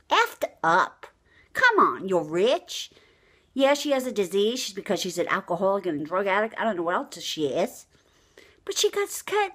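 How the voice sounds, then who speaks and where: A brash middle-aged woman chatting straight to the camera, gossiping and ranting for laughs. Her voice sits high and leaps up and down, shooting even higher on outraged questions. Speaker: vlogger telling the news. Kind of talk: chatty comic monologue to camera.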